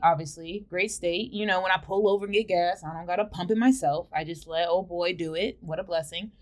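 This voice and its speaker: A woman's voice: mid-range voice, a little mellow. A young adult woman co-hosting a podcast, chatting casually with a blunt, sassy and playful manner. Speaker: podcast co-host. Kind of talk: casual chat.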